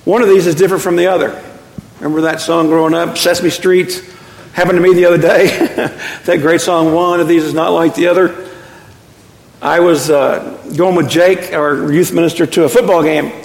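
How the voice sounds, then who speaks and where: A middle-aged man preaching a sermon as pastor, an animated storyteller with quick self-deprecating asides. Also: fairly high pitch, vocal fry. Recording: echoey hall with long reverb.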